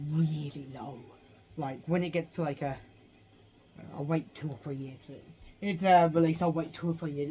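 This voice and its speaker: A man's voice: on the high side, warm tone, slight background noise. A British man giving a casual, rambling review of a show, full of fillers and asides. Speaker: home-video reviewer.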